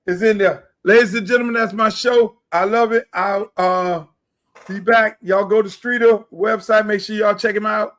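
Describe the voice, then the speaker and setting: A middle-aged man hosting a casual podcast, loud and joking, often bursting into excited shouts. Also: sits high, normal speed. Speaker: podcast host.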